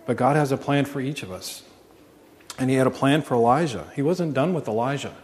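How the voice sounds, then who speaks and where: A man's voice: medium pitch, brisk, a little mellow. A man preaching a sermon as pastor, earnest, asking his congregation questions. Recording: long reverb.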